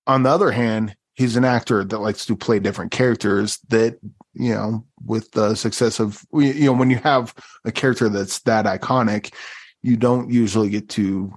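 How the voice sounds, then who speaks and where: A man's voice: lowish voice, fairly even intonation, normal speed. A man co-hosting a podcast and talking casually, loose and conversational, with lots of ums and you-knows. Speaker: podcast co-host and interviewer.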